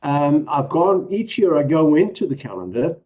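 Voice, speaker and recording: A man's voice: fairly high pitch, big pitch swings, moderate pace, darkish tone. Dull-toned South African man, hesitant. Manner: modest, hesitant, with many ums and small laughs. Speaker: guest presenter. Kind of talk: casual online presentation.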